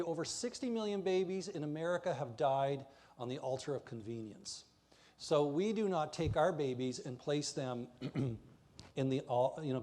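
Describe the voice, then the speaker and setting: A man's voice: medium pitch, darkish tone. A man preaching a passionate, emphatic sermon in a church while pointing to slides.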